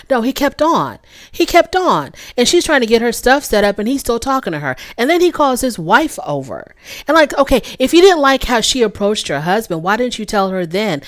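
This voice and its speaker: Woman, lowish voice, channel host, casual opinionated recap, animated, repeats points, dry sound. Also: dry recording.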